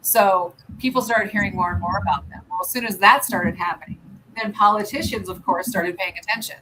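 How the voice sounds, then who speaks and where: A woman's voice: medium pitch, brisk, bright, forceful tone, slight background noise, poor audio. An American woman hosting a casual livestream, chatting and rambling with lots of ums and restarts. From United States. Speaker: livestream host. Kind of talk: casual chat while doing nail art.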